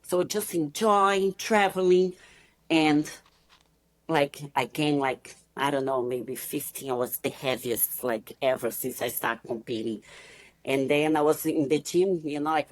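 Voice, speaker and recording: Woman, Brazilian accent, Portuguese native speaker, low voice, dry close sound, animated storyteller, guest on a podcast. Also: unhurried, dry recording. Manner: animated, acts out quoted voices, many "you know, like" fillers. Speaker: podcast guest, bikini competitor. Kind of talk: casual interview storytelling.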